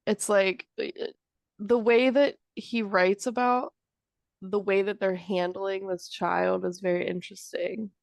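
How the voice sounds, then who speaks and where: A young woman student thinks aloud in a class discussion. She speaks slowly and searches for her words as she goes. Her voice sits in a middle range, recorded dry and close. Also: medium pitch, flat delivery, creaky, no room sound.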